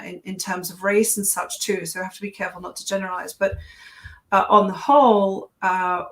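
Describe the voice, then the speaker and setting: A woman's voice: medium pitch, fairly bright tone. A woman author answering interview questions in a thoughtful, conversational way, with frequent fillers and restarts.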